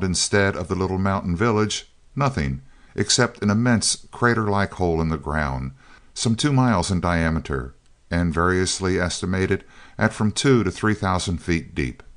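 A man narrating an audiobook in a steady, measured reading style. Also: deep voice. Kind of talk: scripted narration of a science-fiction novel.

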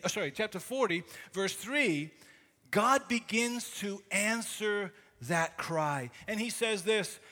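Pastor guy preaching, high bright voice, rings out in a big reverby church. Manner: earnest, rising to impassioned emphasis when quoting scripture. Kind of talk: sermon.

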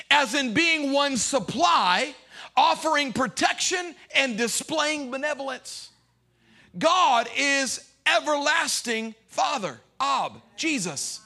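A man preaching a sermon as bishop at a church service, shouting and singing phrases, calling for responses from the congregation and joking between points. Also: very high voice, lively intonation, slow. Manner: playful joking asides. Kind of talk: sermon with sung refrains. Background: music playing.

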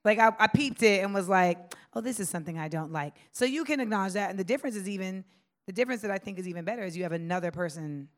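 A woman guest author in casual podcast chat, telling stories in an animated way and acting out what others said. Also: medium pitch, racing. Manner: animated storytelling, quotes others.

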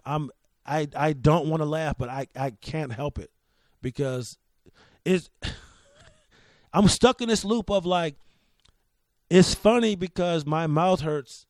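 A man hosting a podcast, telling a long story in a casual, animated way, swearing, laughing and restarting often. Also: on the high side, no echo, studio quality. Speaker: podcast host.

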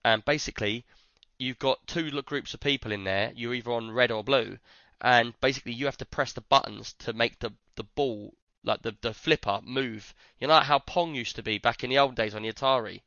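Bloke telling a story, does all the voices, bright tone, bit muffled lo-fi. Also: male voice, medium pitch, fairly quick, no echo. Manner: animated storyteller, acts out others' lines. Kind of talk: casual chat.

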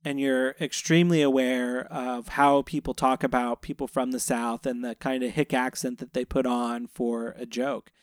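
A man's voice: medium pitch, flat delivery, normal speed, hardly any pauses, dry recording, studio quality. Reflective middle-aged man from the South. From Florida Panhandle, US South. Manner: thoughtful, rambling with restarts. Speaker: co-host, parent. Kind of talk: casual film discussion.

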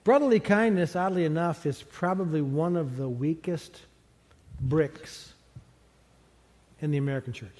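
A middle-aged man preaching a sermon as pastor, conversational and animated, chuckling now and then. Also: a little high, a little slow, long pauses. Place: large church sanctuary. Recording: long hall reverb from a church sanctuary.

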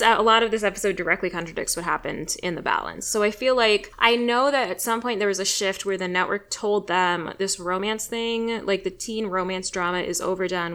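A woman co-hosting a podcast, chatting casually and firing off many questions with animated, joking energy. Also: lowish voice. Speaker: podcast co-host. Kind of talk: casual chat.

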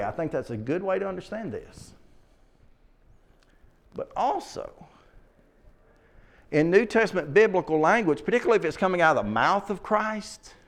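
A man leading a Bible study, reading scripture aloud slowly and asking his listeners questions. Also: high voice. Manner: reads scripture aloud slowly, then asks the class questions.

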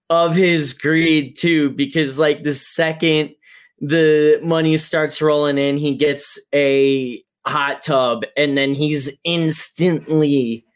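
A man co-hosting a podcast, talking casually with frequent pauses and fillers. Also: on the high side, fairly bright tone. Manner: halting, full of "like" and "um". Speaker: podcast co-host. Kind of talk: casual chat.

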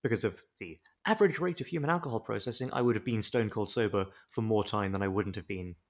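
A man co-hosting a comedy podcast, recapping a show in a wry, deadpan way. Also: on the low side, fast talker. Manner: wry, deadpan, chatty with digressions. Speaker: podcast co-host.

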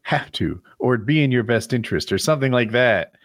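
A man's voice: medium pitch, lively intonation, a little fast, no room sound, studio quality. A man chatting casually on a podcast, thinking aloud and laughing easily. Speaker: podcast co-host. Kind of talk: casual chat.

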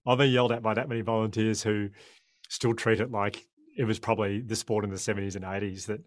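Aussie man in his 40s, guest, talks fast, low voice, keeps restarting his sentences. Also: flat delivery, dry recording, clean studio sound. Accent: Australian. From Australia. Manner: impassioned, rambling with frequent restarts. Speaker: guest, former cricketer turned sprinter. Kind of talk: podcast conversation.

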